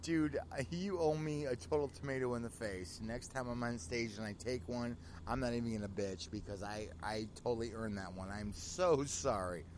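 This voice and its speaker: Excitable laughing radio DJ man. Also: mid-range voice, moderate pace, hardly any pauses, slight background noise. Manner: excitable, apologetic, laughing often. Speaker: radio show host. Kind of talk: casual radio DJ chat.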